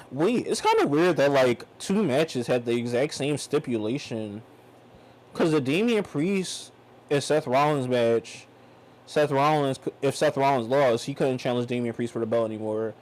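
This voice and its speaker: A young man giving a loose, slangy, rambling wrestling review, animated and casual. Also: medium pitch, rough recording.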